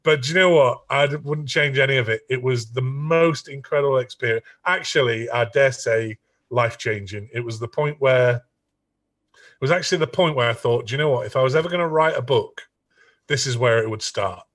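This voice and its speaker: A middle-aged songwriter telling an animated story, often stumbling over and repeating his words. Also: mid-range voice, normal speed, distant mic. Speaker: songwriter guest.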